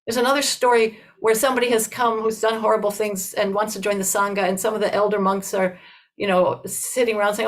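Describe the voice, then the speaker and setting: An older woman giving a Buddhist dharma talk, telling a story in an unhurried, conversational way with many "you know"s and restarts. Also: medium pitch, poor audio.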